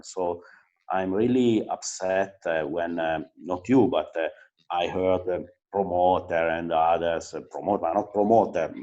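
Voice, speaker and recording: Man, very low voice, earnest, halting with many pauses, interview answers. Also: warm tone, dull audio. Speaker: motorsport team principal.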